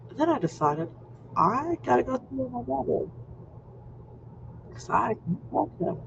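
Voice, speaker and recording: A man in his fifties telling a personal story in an animated way, acting out scenes, in a muffled lo-fi recording. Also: very high voice, unhurried, gravelly. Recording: muffled lo-fi recording with faint noise.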